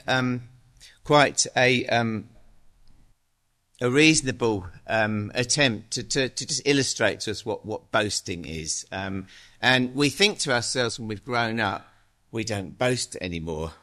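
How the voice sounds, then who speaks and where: A man in his sixties giving a church exhortation as a lay preacher, halting and chatty with many ums and uhs. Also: medium pitch, expressive, pushed and bright. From England.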